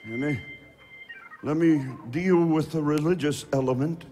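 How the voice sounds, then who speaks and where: A man pastor preaching a sermon, building to sung, shouted cadences with repeated rhetorical questions, in a church with music behind. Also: fairly high pitch, measured pace. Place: church sanctuary.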